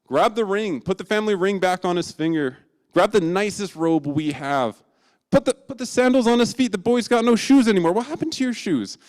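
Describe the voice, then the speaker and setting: A man's voice: high-pitched, fairly quick, in a large hall, pitched above the performer's own voice. A man voicing a joyful father who calls out orders to celebrate his son's return. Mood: overjoyed. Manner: excited, shouting orders. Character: older man, a joyful father welcoming his son home.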